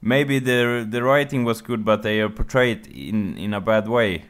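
Slow, laughing man chatting on a podcast. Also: lowish voice. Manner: laughs a lot, agreeable, hesitant. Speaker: podcast co-host. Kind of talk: casual podcast chat.

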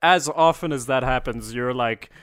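A man's voice: mid-range voice, moderate pace, a bit bright, clean tone, no echo, clean studio sound. A man co-hosting a casual podcast, sarcastic and ranting, swearing freely and mocking posh speech. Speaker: podcast co-host.

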